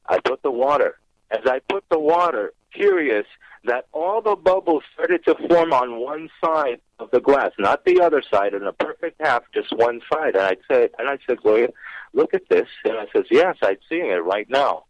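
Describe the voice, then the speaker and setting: A man's voice: medium pitch, big pitch swings, normal speed, no echo. A man calling in to a radio show and telling a personal ghost story, acting out his own remarks along the way. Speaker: caller on a paranormal radio show. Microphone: phone. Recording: dull, dry phone line.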